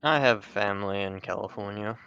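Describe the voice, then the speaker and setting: A man's voice: fairly low pitch, fairly quick, sharp tone, highs cut off, soft background music. A man with a New Zealand accent, a tabletop player who talks tersely and swears casually.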